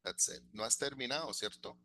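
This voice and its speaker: A man's voice: mid-range voice, lively intonation, fast, sharp tone, slight background noise. A man teaching an English class, encouraging his students, drilling phrases and chuckling often.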